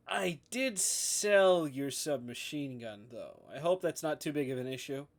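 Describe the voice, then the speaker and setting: A man voicing a calm, confident male crew leader, speaking in a smooth, laid-back way. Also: on the high side, a little slow.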